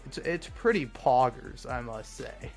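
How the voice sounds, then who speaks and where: A man's voice: medium pitch, expressive, a little slow, gravelly, soft background music. Sarcastic rambling young man gaming. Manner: sarcastic, rambling, swears a lot, stammers on restarts. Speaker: gaming streamer.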